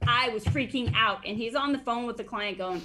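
A woman's voice: a little high, a little fast, sharp tone, slight background noise. A woman casually giving an upbeat update on a team call, rambling with many fillers and restarts and getting fired up as she talks. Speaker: insurance agent sharing team update.

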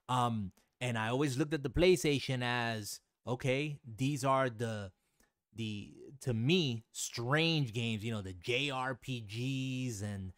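A man's voice: medium pitch, no echo, clean studio sound. A man from the United States hosting a gaming podcast, talkative with frequent laughs and fillers. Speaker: podcast host. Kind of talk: casual chat.

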